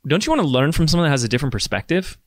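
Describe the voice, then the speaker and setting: A man's voice: a little high, sing-song, racing, no room sound. A man hosting a podcast, talking through a motivational monologue with rambling enthusiasm and self-deprecating jokes. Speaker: podcast host.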